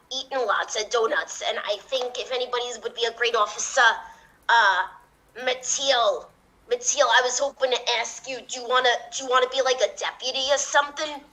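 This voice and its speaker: A breezy, jokey police officer, played by a woman. Her voice sits a little high and sounds bright and forward. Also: poor audio. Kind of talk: improvised comedy role-play.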